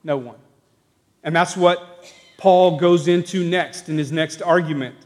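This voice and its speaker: A fairly high-voiced male pastor preaching in a church, his words ringing with long reverb off the walls. He swings between hushed, thoughtful passages and raised, emphatic proclamations. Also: fairly even intonation, measured pace. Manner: builds from quiet reflection to raised emphatic declarations. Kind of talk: sermon. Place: church sanctuary.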